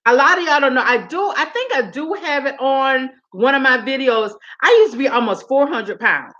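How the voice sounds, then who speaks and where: A woman's voice: sits high, moderate pace, dull audio. A woman, chatting sassily with her live-stream viewers and laughing often. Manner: sassy, animated, laughing often, calls viewers honey and girl. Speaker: vlogger talking to live chat. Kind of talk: casual live-stream chat. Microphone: phone camera.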